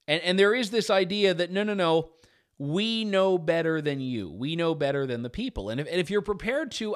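A man's voice: on the high side, a bit bright. Man hosting an opinion talk show. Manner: conversational, thinks aloud with fillers and restarts; reads out and reacts to listener letters. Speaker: guest radio show host.

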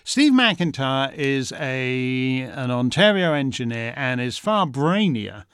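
A man's voice: mid-range voice, sing-song, slow, a bit bright, clean tone, dry recording, clean studio sound. A male host answering listener questions in emphatic, indignant, sardonic commentary with colloquial swearing. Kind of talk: live call-in commentary, reading listener questions.

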